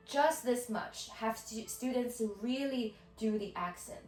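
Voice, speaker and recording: A woman's voice: on the high side, a little slow, few pauses, over loud music. A woman giving a violin lesson as a tutorial, counting beats aloud in a patient, instructive way. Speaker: violin teacher. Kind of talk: teaching tutorial. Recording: roomy sound from a distance.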